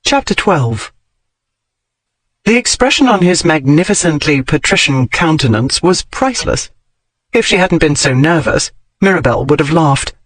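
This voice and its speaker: A man narrating an audiobook with an even, measured reading. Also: on the high side, no room sound. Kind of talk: scripted narration.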